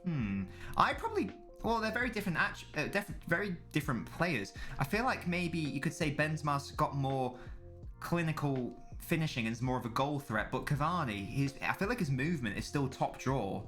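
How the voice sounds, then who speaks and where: A man's voice: fairly high pitch, expressive, fairly quick, fairly bright tone, faint music behind. A man chatting casually as a live streamer during a football watchalong, rambling and swearing freely while answering chat.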